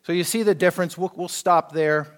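Pitched fairly high, this man speaks with a steady tone at a brisk clip. He's a pastor giving a chatty sermon, performing quoted voices and asking the congregation if they're with him.

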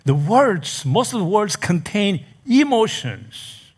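Man, sermon, slow deliberate delivery, swooping pitch, slightly high voice. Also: breathy edge. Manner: slow, deliberate preaching with lively pitch swings. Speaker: pastor. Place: church in America.

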